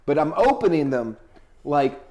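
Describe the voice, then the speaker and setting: A man with a slightly high-pitched voice spins a comic story as a podcast guest. He is profane and animated. He drops into low, muttered asides, then climbs into loud, indignant peaks. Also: a little slow. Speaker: touring comedian guest.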